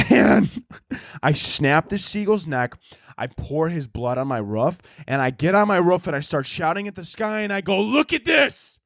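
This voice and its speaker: Male podcast host, high-pitched voice, dry close sound, rambling profane comic rants. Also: lively intonation, moderate pace, no room sound. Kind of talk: comedic rant monologue.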